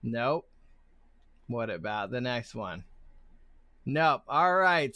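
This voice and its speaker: Bright-voiced chatty game master man. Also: medium pitch, sing-song, slow pace, long pauses, no echo. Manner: loose, chatty, swears casually. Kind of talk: narrating a tabletop game.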